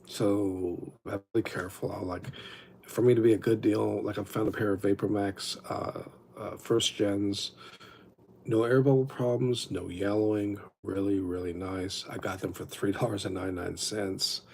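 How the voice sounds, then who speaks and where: This livestream host has a lowish, gravelly, slightly mellow voice with fairly even intonation and a moderate pace. Chatting casually, he tells meandering stories full of restarts and self-interruptions, with a little hiss or hum in the audio.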